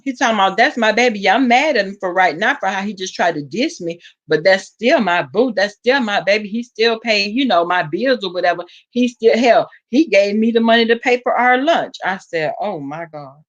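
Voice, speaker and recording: Animated Southern woman spilling gossip. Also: fairly quick, hardly any pauses, dull audio. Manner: animated gossip, acts out quotes with big pitch jumps. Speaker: vlogger. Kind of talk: casual storytelling to viewers.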